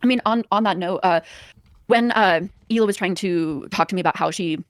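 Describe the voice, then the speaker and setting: A woman's voice: on the low side, fairly quick, no echo, clean studio sound. A woman in a podcast discussion who talks hesitantly, with many fillers, restarts and nervous laughs.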